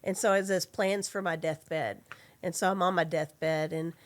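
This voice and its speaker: A woman with a Southern accent, a guest on a casual podcast, telling a lively story and acting out the voices in it. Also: fairly low pitch, a little slow. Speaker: podcast guest, comic artist.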